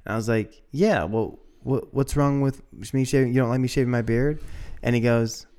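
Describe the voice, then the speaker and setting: A man's voice: medium pitch, fairly even intonation, normal speed, mellow, smooth. A man co-hosting a podcast, chatting casually and telling family stories with frequent laughter. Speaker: podcast co-host. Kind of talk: casual chat.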